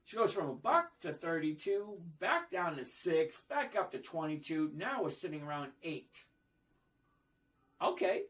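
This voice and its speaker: Guy on a livestream chatting with viewers, slow steady talk, keeps saying okay?. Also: fairly high pitch. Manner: slow, emphatic, repeats "okay?" to check understanding. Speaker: livestream host answering viewer questions. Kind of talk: casual livestream chat about stocks.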